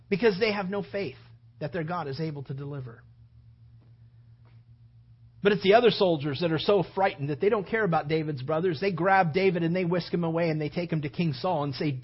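A male preacher tells a story in a loose, conversational sermon, lively and animated as he acts it out. His voice is slightly husky, and the recording sounds dull and lo-fi. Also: sits high.

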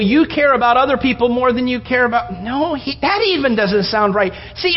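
Husky man preaching in a reverberant hall. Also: extremely high pitch. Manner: earnest, with repeated restarts and voiced prayers. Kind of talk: sermon. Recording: dull lo-fi sound with long hall reverb.

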